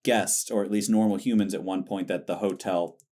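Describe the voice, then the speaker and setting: Man, podcast co-host, low voice, casual rambling chat. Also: steady tone, brisk, warm tone. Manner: chatty, rambling, breezy.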